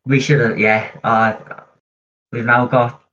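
A man's voice: mid-range voice, flat delivery, takes it slowly, bright, forceful tone. A man co-hosting a podcast, chatting in an easygoing way and planning aloud. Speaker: podcast co-host. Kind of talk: casual chat. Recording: dull lo-fi audio.

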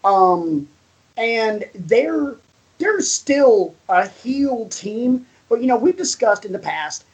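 A man co-hosting a podcast, excitable and animated, swearing casually in relaxed chat. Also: high-pitched, slow, husky, poor audio. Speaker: podcast co-host.

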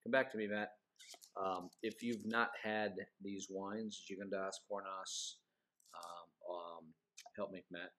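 Podcast co-host, man, low voice, rambling and self-mocking, casual chat. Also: level tone, takes it slowly, bright, forceful tone. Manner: rambling, self-deprecating, joking.

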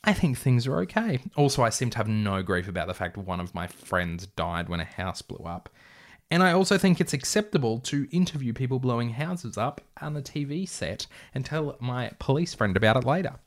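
A man's voice: mid-range voice, very animated, fairly quick. A young man with an Australian accent who reads aloud from his childhood novel and breaks off for wry, self-mocking asides. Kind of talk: comic reading with commentary.

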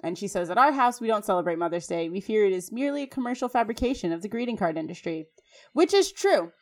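Speaking quickly in a mid-range voice, this podcast co-host walks listeners through a TV episode one scene at a time. Her delivery is animated and conversational, full of filler words.

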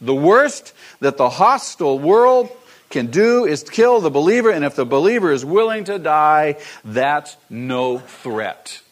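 A man's voice: on the high side, very animated, measured pace. A man preaching a sermon, repeating his key phrases and asking the congregation rhetorical questions. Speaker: pastor.

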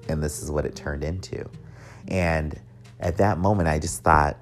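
A man's voice: very deep voice, steady tone, moderate pace, soft background music. A young man telling a personal story in a candid, profane way, with wry joking asides.

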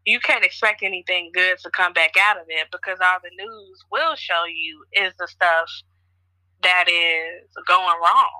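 A woman's voice: lowish voice, measured pace, bright, forceful tone, no room sound, poor audio. A woman hosting a podcast from Chicago, chatting casually and telling stories with lots of fillers. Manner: chatty, storytelling, frequent fillers. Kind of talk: casual conversation.

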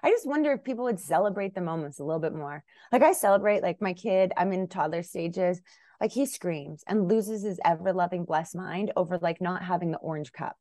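A woman's voice: on the low side, fairly quick, dark tone, dry recording, clean studio sound. A woman in her thirties from Canada, a podcast guest talking casually and bluntly, jumping into raised voices to act out her own thoughts. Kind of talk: casual interview chat.

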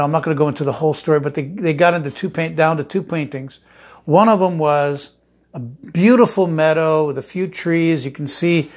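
Man, preacher, sermon, rambling storytelling, emphatic build-ups, slightly higher voice. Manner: rambling storytelling with many restarts and fillers, rising to emphatic declarations.

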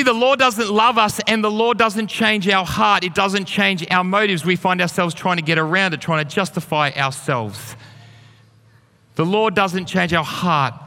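Bright high-voiced pastor preaching. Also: male voice. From Australia. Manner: storytelling, earnest and encouraging. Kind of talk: sermon. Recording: long hall reverb.

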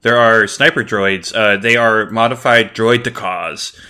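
A man's voice: on the low side, steady tone, a little slow, bright, forceful tone, clear, resonant tone. A man co-hosting a podcast in casual chat, explaining lore details in a nerdy way with frequent hesitations. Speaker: podcast co-host. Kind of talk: casual episode recap chat.

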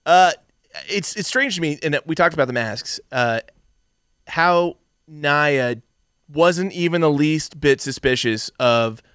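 A man's voice: on the high side, lively intonation, fairly bright tone, clear, resonant tone, dry recording, clean studio sound. A young man co-hosting a casual movie review chat, enthusiastic and opinionated. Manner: enthusiastic, opinionated, quick asides. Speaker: podcast co-host.

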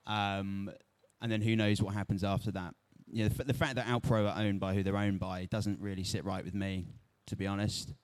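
A man's voice: lowish voice, flat delivery, brisk, no echo. A man speaking frankly and critically on a panel. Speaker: event speaker. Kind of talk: panel talk.

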